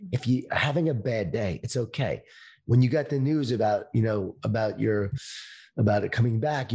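A middle-aged man speaking as an interview guest, talking about leadership in a slow, emphatic motivational way over a video call. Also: mid-range voice, a little mellow, slightly rough.

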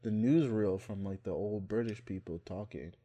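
A man's voice: fairly low pitch, normal speed, dark tone. Joking young man in casual chat. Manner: joking, laughs often, trails off. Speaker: podcast co-host.

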